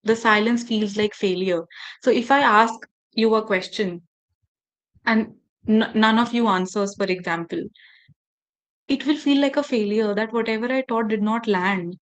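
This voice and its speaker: Measured woman running a teacher workshop. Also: fairly high pitch, low-quality recording. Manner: measured and deliberate, with emphatic pauses; directly addresses the audience with instructions. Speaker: faculty development trainer.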